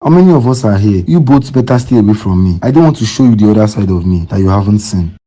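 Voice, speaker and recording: A man's voice: on the low side, lively intonation, fast talker, warm tone. A man voicing a defiant husband in a cartoon, with a curt, dismissive manner. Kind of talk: cartoon voice acting.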